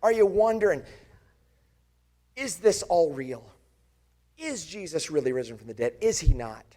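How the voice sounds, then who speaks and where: With a high-pitched, slightly mellow voice, a man, a pastor, acts as the disciple Thomas, an earnest grown man, in a dramatic first-person sermon. He speaks passionately and turns to his listeners with searching questions.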